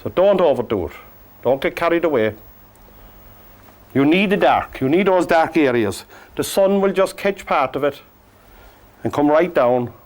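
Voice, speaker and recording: A man from Cork with an Irish accent, teaching a painting lesson in a gentle, joking, soft-spoken way. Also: a little high, animated, moderate pace, pauses often. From Ireland. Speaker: painting instructor. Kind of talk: painting lesson with chatty asides.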